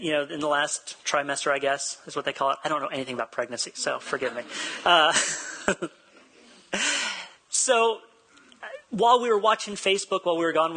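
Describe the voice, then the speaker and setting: A man's voice: a little high, pushed and bright, poor audio. A man preaching a sermon, telling a personal story in a chatty, self-deprecating way and laughing easily. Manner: acts out quoted dialogue. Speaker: pastor.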